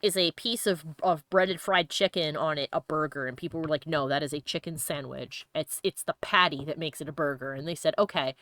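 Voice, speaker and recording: A woman hosting a let's play, reading game text aloud and chatting casually, giggly and quick to put on silly voices. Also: low-pitched, fairly bright tone, no echo, studio quality.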